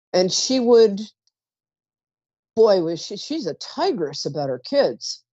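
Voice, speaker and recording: Psychic call-in host, woman, rambling and chatty, lively swooping voice, mellow tone, dry dull recording. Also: medium pitch, dry recording. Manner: chatty, warm-toned asides, trails off mid-sentence. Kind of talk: live call-in psychic reading.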